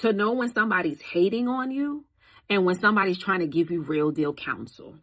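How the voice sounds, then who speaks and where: A woman's voice: mid-range voice, a little fast, fairly bright tone, rough recording. Preachy woman talking to camera. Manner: preachy, conversational, rises into emphatic exhortation. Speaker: Christian content creator. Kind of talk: casual faith commentary to camera.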